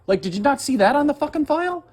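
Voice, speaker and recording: A man's voice: very high-pitched, big pitch swings, fast talker. An agitated man ranting in heated, profane, rambling conversation as he makes a complaint. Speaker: complaining citizen.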